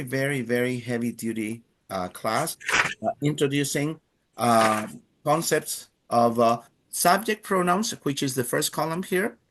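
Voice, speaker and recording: A male language teacher talks at a slow, unhurried pace to his class. His pitch rises and falls a lot as he explains, and he pauses often with hesitant fillers. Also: a bit bright. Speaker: Spanish teacher.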